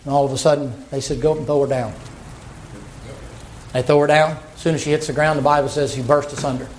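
Folksy high-voiced preacher man. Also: very fast, noisy background. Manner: folksy, animated, acts out the characters. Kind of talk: storytelling sermon.

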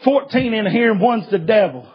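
A man's voice: sits high, expressive, normal speed, husky. A man quoting a blunt, exasperated male group leader in a sermon story. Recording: dull lo-fi recording.

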